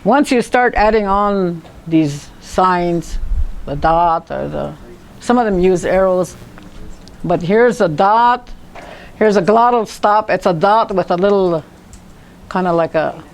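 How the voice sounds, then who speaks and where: A woman teaching a language class, telling funny stories with frequent laughter and sounding out syllables slowly. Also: fairly low pitch.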